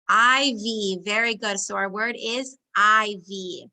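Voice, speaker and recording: Lady teacher doing phonics, sounds out each word slow, bright sharp voice with some gravel. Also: mid-range voice. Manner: slow, encouraging, sounds out words and blends. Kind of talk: phonics lesson for young children.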